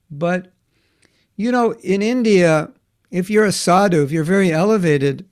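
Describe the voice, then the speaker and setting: A man teaching a class for children, telling stories in an animated way and acting out the voices he quotes. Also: on the high side, creaky.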